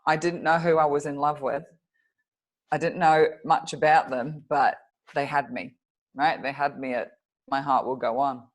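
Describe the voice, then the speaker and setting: A low-pitched woman chats as a podcast guest. She tells her stories animatedly and giggles often. She sounds middle-aged. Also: normal speed. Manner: animated storyteller, giggly, chatty. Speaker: podcast guest, fitness coach. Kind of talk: casual interview chat.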